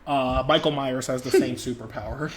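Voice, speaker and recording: A man's voice: medium pitch, moderate pace. A young man co-hosting a podcast, telling jokey rambling stories in casual chat. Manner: joking, rambling storyteller. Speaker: podcast co-host.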